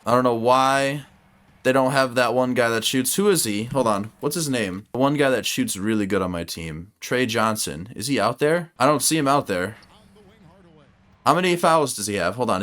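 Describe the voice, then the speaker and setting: A young man commenting on his own basketball video game, talking to the players on screen and shouting when the plays go his way. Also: mid-range voice. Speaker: gaming YouTuber.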